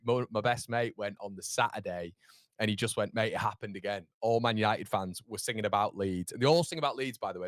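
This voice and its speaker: A low-pitched man hosts a live football watchalong, talking to his chat in a loose, rambling way. He laughs easily and jumps between thoughts. His voice is close and dry, with no room sound. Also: no echo. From York, England. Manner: chatty, rambling, laughs often. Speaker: watchalong host.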